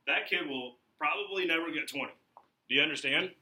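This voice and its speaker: Energetic male sales trainer in an echoey room. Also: a little high, fairly quick, recorded from a distance. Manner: energetic, coaching, checks in often with "right?".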